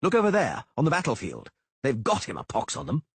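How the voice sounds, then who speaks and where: A man's voice: medium pitch, huge pitch swings, a little fast, husky, no room sound, pitched above the performer's own voice, exaggerated voice. A man voicing a terse male soldier who speaks in clipped, urgent bursts, in an audiobook.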